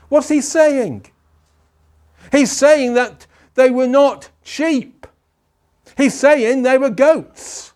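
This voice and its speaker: A male pastor preaching a sermon, asking rhetorical questions and pausing for emphasis. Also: very high-pitched, darkish tone.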